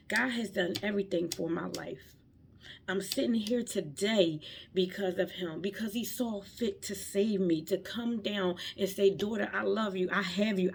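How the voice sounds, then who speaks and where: A woman's voice: mid-range voice, vocal fry, a little mellow, husky. A young woman giving an emotional devotional talk, fervent and close to tears, repeating her phrases. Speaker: vlogger sharing faith.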